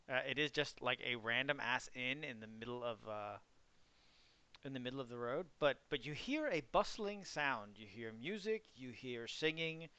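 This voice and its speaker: Smooth-voiced casual game master. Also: male voice, medium pitch, pushed and bright. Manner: casual, loose, many fillers. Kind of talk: narrating a tabletop game online.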